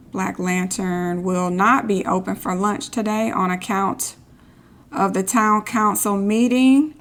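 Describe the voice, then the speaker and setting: Lady gamer reading posts out loud, snarky little comments in between, normal pitch. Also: steady tone, slow pace. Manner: sarcastic asides between read-outs. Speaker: gameplay streamer.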